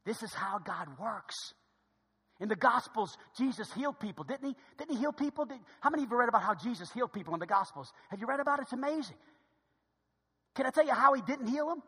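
A male pastor preaching a sermon to a congregation, animated and swinging between loud and hushed delivery, in an echoey church hall. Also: very high-pitched, quick pace, husky.

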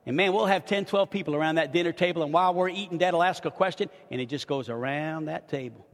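In a church sanctuary with a long reverb tail, a middle-aged pastor delivers a storytelling sermon. His voice sits on the high side and he talks fast, telling the story animatedly while often restarting and repeating his words.

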